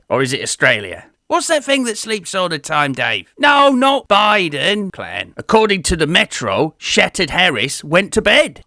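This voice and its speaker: Man, comedy news host, cheeky mock outrage, lively swooping pitch, dry close sound. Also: creaky, dry recording. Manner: cheeky, mock-outraged, talks to an offscreen sidekick. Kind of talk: satirical comedy monologue.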